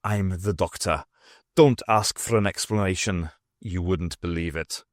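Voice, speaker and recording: A man voicing a short, intense male stranger with a Scottish accent, a smooth fast-talking bluffer, in an audiobook. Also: low voice, no room sound, clean studio sound, pitched below the performer's own voice. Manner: smooth, rattling off sentences at great speed.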